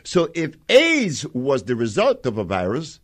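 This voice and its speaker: An older man in an interview, telling his stories with strong conviction. His pitch swings widely as he acts out both sides of remembered exchanges, and he breaks into laughter along the way. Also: a little slow. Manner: animated storyteller acting out quoted exchanges, emphatic, laughs often. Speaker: interviewee, herbal healer. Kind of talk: conversational interview storytelling.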